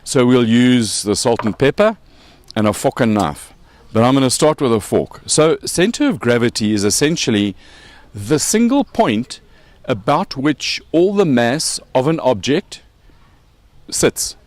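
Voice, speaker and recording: A South African man hosts a casual chat and explains things playfully, cracking jokes as he goes. His pitch bounces around in a lively way. The sound is dry and close. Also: a little slow, dry recording. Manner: playful, joking, explains with props. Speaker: podcast host.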